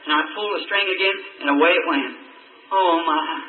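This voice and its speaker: High-pitched preacher on old tape. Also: male voice, a little fast, faint music behind. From United States. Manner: fervent storytelling, rhetorical questions. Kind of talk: sermon. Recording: tinny old hall tape from far off.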